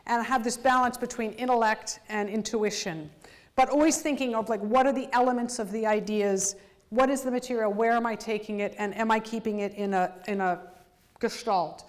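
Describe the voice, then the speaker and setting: Woman, higher register, composer-lecturer; animated, exacting, vocalizes rhythms as syllables. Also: fairly quick. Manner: sings rhythms out in syllables to illustrate music; animated, detail-focused explanation. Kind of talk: university lecture.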